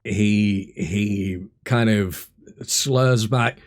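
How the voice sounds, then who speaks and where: A man's voice: fairly low pitch, extremely slow. A man narrating combat as game master of a tabletop game, easygoing and full of filler words. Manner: relaxed, many fillers and restarts while narrating combat.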